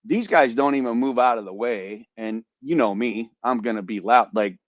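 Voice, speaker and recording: A man on a podcast telling a story in a casual, animated way, swearing and repeating words as he goes. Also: medium pitch, moderate pace, no echo, lo-fi sound. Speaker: podcast host, veteran.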